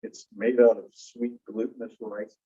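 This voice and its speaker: Middle-aged guy teaching a class, chatty, bit husky, muffled lo-fi classroom audio. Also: on the low side, normal speed. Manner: chatty, animated, asks the class questions. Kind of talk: classroom lecture.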